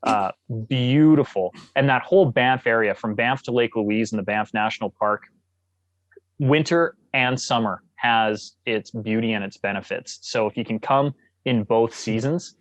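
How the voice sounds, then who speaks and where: A man's voice: medium pitch, measured pace, no room sound. A jovial man from Canada talks as a podcast guest, full of enthusiasm and storytelling energy. His voice sits mid-range, and the recording is dry and close. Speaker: guest, actor. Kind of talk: casual podcast interview.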